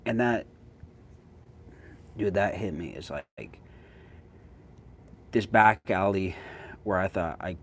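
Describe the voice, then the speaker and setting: A man's voice: low voice, slow, long pauses. A young man chatting casually with his viewers as a social media creator, in a slangy, laid-back way.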